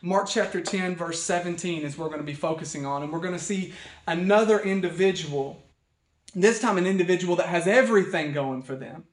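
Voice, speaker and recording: A man's voice: high voice, a little fast. A man as pastor giving a livestreamed sermon, earnest and building to emphatic repetition. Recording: echoey room.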